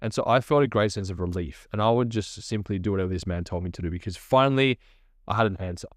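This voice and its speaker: Man, testimony storyteller, lively and chatty, slightly low pitch, dry close sound. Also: quick pace, no echo. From Australia. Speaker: person giving a testimony.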